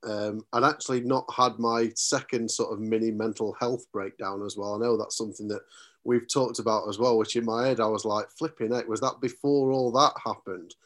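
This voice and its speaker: A man's voice: fairly low pitch, little pitch movement, brisk. A man, a radio sports reporter and commentator telling stories as a guest in a casual podcast chat. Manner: reminiscing storyteller, chatty and earnest.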